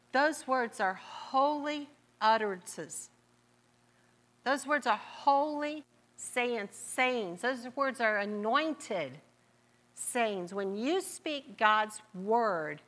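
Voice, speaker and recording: Southern woman preaching with drawn-out emphasis. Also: fairly high pitch, fairly bright tone. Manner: repeats phrases, drawn-out emphatic words. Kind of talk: sermon.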